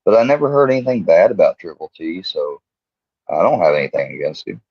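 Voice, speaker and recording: A man with a very low voice hosts a casual livestream, rambling and chatting to his viewers. The sound is dry and close, with a slightly dull, lo-fi quality. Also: animated, fairly quick, breathy edge, no room sound. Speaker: livestream host.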